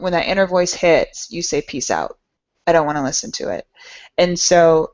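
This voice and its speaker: Woman, podcast host, earnest and encouraging, lowish voice, dull lo-fi sound. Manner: earnest, encouraging, speaks directly to listeners. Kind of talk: motivational talk to listeners.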